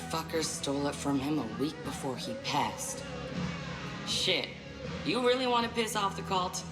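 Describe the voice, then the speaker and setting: A hardened rural woman who speaks steadily and bluntly. Her voice is low. It rings in a roomy space over loud game music. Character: tough rural woman resistance leader. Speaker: video game character.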